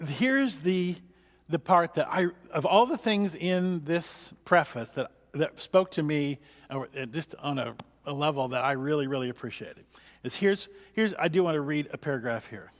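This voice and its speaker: A man's voice: on the high side, animated, a little slow, fairly bright tone. A man, a pastor, teaching a church book study in a rambling, conversational way with many fillers. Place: church hall. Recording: long church-hall reverb.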